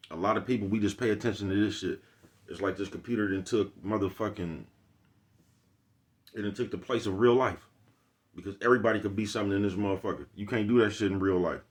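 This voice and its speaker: A man with an African American Vernacular English accent, talking in a loose, slangy, preachy monologue to his viewers. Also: on the low side. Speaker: vlogger. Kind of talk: casual street monologue.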